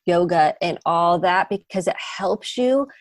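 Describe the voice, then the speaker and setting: A woman psychotherapist speaking as a podcast guest, animated and emphatic, repeating her points, over a video call. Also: fairly low pitch, unhurried, no room sound. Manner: animated, acts out inner voices, emphatic repetition. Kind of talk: conversational podcast interview.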